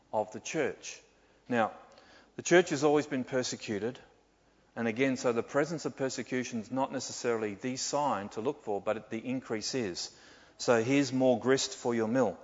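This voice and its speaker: An older man preaching a sermon as pastor, animated and full of rhetorical questions. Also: mid-range voice. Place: church hall. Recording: dull sound with long hall reverb.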